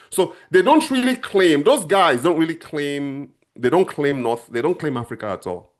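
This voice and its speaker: A man's voice: a little high, expressive, moderate pace. A middle-aged man from Nigeria, chatting casually on a livestream and talking straight to his viewers. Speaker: channel host answering viewers.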